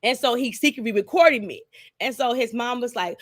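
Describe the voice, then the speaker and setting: Middle-aged woman live-streamer, candid and rambling, mid pitch, dry close sound. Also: moderate pace, no room sound. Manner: candid and rambling, with frequent restarts. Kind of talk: casual live-stream chat answering viewers.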